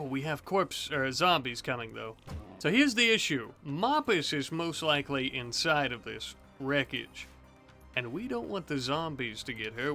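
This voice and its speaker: A man hosting a let's play, narrating his colony in a theatrical role-played manner with slow, taunting speeches. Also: a little high, bright, forceful tone. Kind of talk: role-played gameplay commentary.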